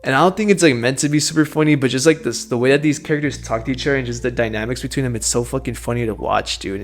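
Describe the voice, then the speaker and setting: A man's voice: medium pitch, vocal fry. Young man gushing casually about a film. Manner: enthusiastic, swearing, says dude and bro a lot. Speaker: film review host.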